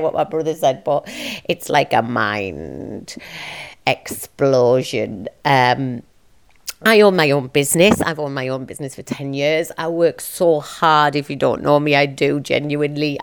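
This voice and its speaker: Low-voiced woman, emotional and halting. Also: smooth. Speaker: business owner and teacher. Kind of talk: personal confessional vlog.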